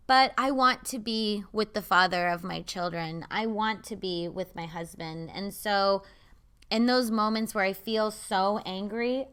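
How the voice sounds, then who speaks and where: A woman's voice: medium pitch, pushed and bright, clean tone. A young woman, a mother, talking earnestly and candidly to camera in a personal vlog. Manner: earnest and confiding. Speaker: mother and vlogger.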